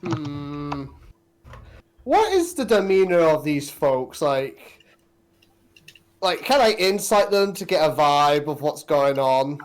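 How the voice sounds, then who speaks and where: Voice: medium pitch, big pitch swings, takes it slowly, pauses often, slight background noise. A player in a live tabletop game, chatting casually about their character.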